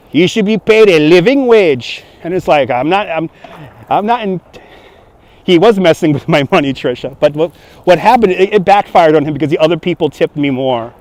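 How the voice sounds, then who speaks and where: A man's voice: on the high side, animated, a little fast, darkish tone. A man, a tour guide hosting a live walking stream outdoors, joking and laughing as he chats to viewers. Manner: jokey, chatty, laughs often. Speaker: tour guide and livestream host. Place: outdoors on city streets. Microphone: phone on handheld gimbal.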